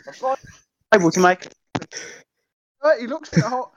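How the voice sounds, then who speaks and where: A man's voice: high-pitched, expressive, quick pace, pauses often, slightly rough. A young man telling school stories in casual chat, acting out the voices he quotes and swearing freely. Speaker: guest, childhood friend. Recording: dull lo-fi sound.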